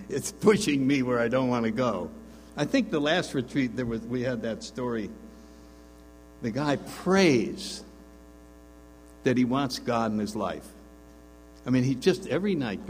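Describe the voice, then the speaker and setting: A man speaking to a retreat group, telling stories and acting out their dialogue with lively shifts of voice. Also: mid-range voice. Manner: animated, acts out dialogue in the stories. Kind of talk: storytelling talk to a group. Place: meeting room with an audience. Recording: long reverb, faint mains hum.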